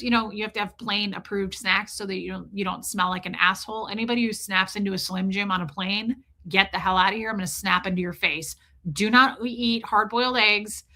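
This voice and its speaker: Bright-voiced woman ranting to her stream chat. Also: medium pitch. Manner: animated, profane, ranting, reads chat names aloud. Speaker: livestream host. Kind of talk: casual comedic storytelling to live chat.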